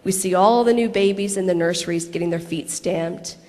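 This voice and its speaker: On stage before a convention audience, an actress in her thirties reads a personal letter telling her own story, with laughing asides and quick acted-out quotes. Her voice is lowish and darkish, ringing with the long reverb of a large hall.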